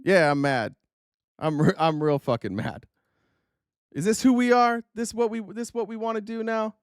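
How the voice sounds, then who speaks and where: A man with a notably high voice hosts a political live stream in a heated, sarcastic rant full of swearing. He keeps breaking off and restarting his sentences. The sound is close and dry, with no room in it. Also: expressive, moderate pace, no room sound. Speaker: political livestream host. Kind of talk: ranting political commentary.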